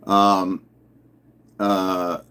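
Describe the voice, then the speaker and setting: A man's voice: low-pitched, monotone, drawn-out words, bright, forceful tone, clean tone. A man giving a combative, mocking commentary, repeating his put-downs as he builds his case. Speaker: fathers' rights consultant. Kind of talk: ranting commentary video.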